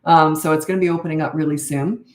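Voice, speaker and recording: A woman in her fifties, answering parenting questions on a live stream in a calm, plain-spoken way. Her voice sits low. The room around her sounds echoey. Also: fast. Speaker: parenting coach.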